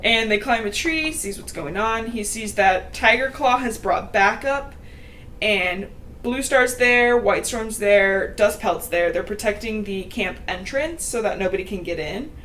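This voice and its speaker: A woman's voice: medium pitch, measured pace, fairly bright tone, a little hiss or hum. A young woman hosting a podcast from home, casually recapping a book with laughs and blunt swearing asides. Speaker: podcast host.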